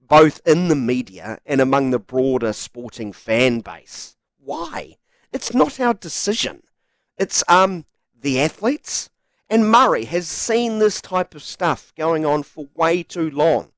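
A man's voice: a little high, no echo. A man delivering a sarcastic, scripted sports opinion piece full of mocking rhetorical questions. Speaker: sports commentator.

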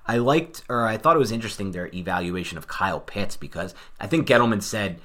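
A man with a fairly low voice hosts a sports podcast. He talks quickly and with energy, stacking point on point in loose, casual chat. He pokes fun at himself now and then. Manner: fast, animated, self-deprecating. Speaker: podcast co-host.

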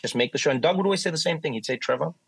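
Husky South African man telling stories. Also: fairly high pitch, very fast, no echo, poor audio. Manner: animated, acts out quoted voices. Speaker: guest. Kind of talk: casual interview storytelling.

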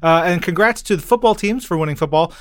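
Smooth-voiced upbeat male podcast host. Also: high-pitched, no room sound, studio quality. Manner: upbeat, joking, quick asides. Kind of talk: casual podcast chat.

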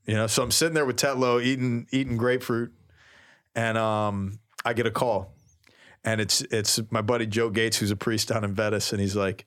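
A man who is a priest, telling a story in a casual, animated, slangy way and laughing often on a talk show. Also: on the low side. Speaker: priest, co-host.

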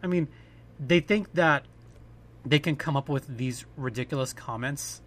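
A man's voice: mid-range voice, measured pace, fairly bright tone, a little hiss or hum. A man hosting a solo podcast, speaking in an impassioned, ranting way and repeating "I mean" often. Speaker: podcast host.

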